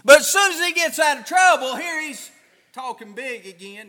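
A man's voice: very high-pitched, animated, moderate pace, bright, forceful tone, big-room sound. A man preaching a fervent sermon, acting out people's excuses. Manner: fervent, dramatic, acts out excuses.

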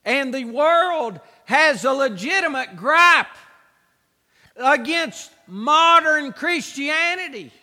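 High-voiced preacher in a ringing hall. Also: male voice, lively intonation, slow. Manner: emphatic, repetitive exhortations, rising to shouts. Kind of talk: sermon.

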